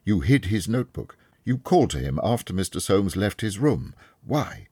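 A man reading a story aloud, voicing a calm, clever male detective who explains things step by step and is kindly but firm. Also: on the low side, normal speed, slightly rough, no room sound, clean studio sound, voice pushed up. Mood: explaining. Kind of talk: audiobook reading.

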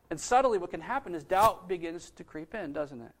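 Talking fairly quickly with few pauses, this high-voiced man delivers a conversational sermon and keeps asking his audience questions.

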